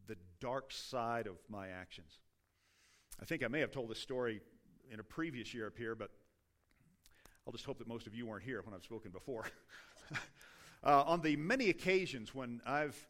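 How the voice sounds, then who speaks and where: A middle-aged male pastor with a mid-range, fairly bright voice preaches a sermon in a conversational, self-deprecating way. He often stops to restart his sentences.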